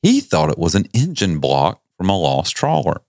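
A man with a low voice and a lot of swing in his pitch hosts a casual podcast. He tells stories in a folksy, jokey way. The recording is dry and close to the mic. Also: wildly swooping pitch, moderate pace, gravelly, darkish tone, no room sound. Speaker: podcast host. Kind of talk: casual storytelling chat.

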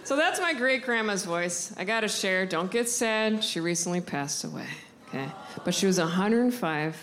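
A woman's voice: animated, normal speed. A young woman from the United States doing stand-up comedy, bubbly and apologetic. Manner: bubbly, apologetic, jumpy pitch. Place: comedy club stage. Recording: stage mic, loud crowd and noise.

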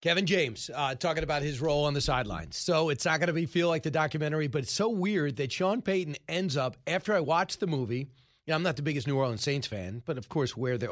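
Sports talk guy, bit high voice, chatty opinions, dry close mic. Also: dry recording. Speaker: radio sports show host.

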